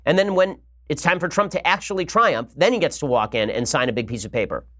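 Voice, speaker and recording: A man hosting a political podcast, giving rapid, argumentative commentary with emphatic points. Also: on the high side, lively intonation, fairly bright tone. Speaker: podcast host.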